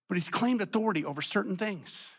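A man with a high, bright voice preaching a sermon in church. He repeats phrases for emphasis and moves between loud and quiet passages. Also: expressive, fast talker, breathy edge. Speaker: pastor.

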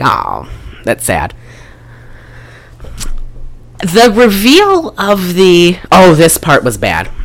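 A young woman hosting a casual chat, retelling a film's scenes in a rambling, profane way. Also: a bass voice. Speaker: podcast host reviewing a film.

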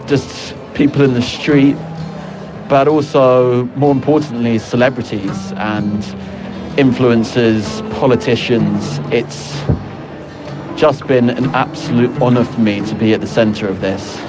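A man's voice: medium pitch, steady tone, slow pace, over music, poor audio. A man co-hosting a comedy podcast, talking in an earnest, rambling way. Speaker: podcast co-host.

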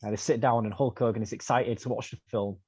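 A man, podcast co-host, narrating a comic story in a deadpan, hesitant way. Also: medium pitch, quick pace, husky. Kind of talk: comedic storytelling. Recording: dull dry recording.

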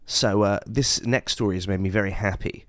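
A man's voice: fairly low pitch, fairly even intonation, a little fast, fairly bright tone, no room sound. A man co-hosting a podcast in casual, jokey chat, often breaking into silly voices. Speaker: podcast co-host.

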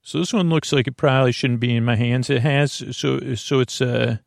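Gravelly, rambling man hosting a podcast. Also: mid-range voice, steady tone, normal speed, dry recording, clean studio sound. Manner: digressive, full of restarts and asides. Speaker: podcast host. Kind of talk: rambling, meandering podcast monologue.

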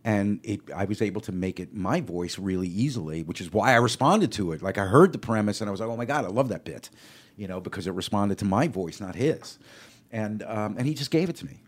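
An older comedian chatting as a guest, his voice sitting on the low side. He tells stories with energy and plays out the back-and-forth in them. The talk is loose and conversational. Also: a little fast. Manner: animated storyteller who acts out quoted exchanges. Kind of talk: casual chat, storytelling.

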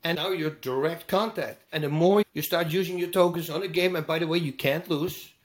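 Lively, emphatic man with roots. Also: on the high side, fairly quick. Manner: lively, emphatic, acts out quotes with sound effects. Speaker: guest. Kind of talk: animated storytelling interview.

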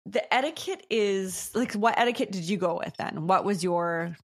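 A woman co-hosting a podcast jumps in with teasing asides and laughs often. Her voice sits at a mid pitch. She talks in a relaxed, casual way. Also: moderate pace. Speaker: podcast co-host. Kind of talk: casual chat.

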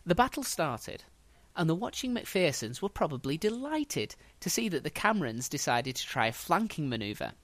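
A man's voice: fairly high pitch, very animated, normal speed, hardly any pauses, fairly bright tone, no room sound. A man hosting a podcast, telling history as a casual story with dry, wry humour.

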